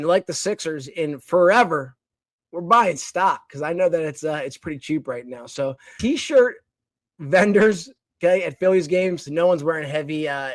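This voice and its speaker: A young man from the Philadelphia area hosting a casual podcast segment, talking in a rambling, animated way full of restarts and fillers. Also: fairly high pitch, no room sound. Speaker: podcast host.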